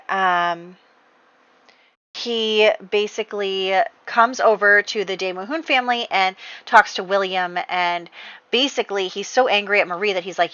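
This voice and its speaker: Chatty bright-voiced woman gamer. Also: mid-range voice, clear, resonant tone, dry recording, muffled recording. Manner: chatty, heavy on fillers like "you know" and "like". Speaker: let's play host. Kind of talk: casual gameplay storytelling.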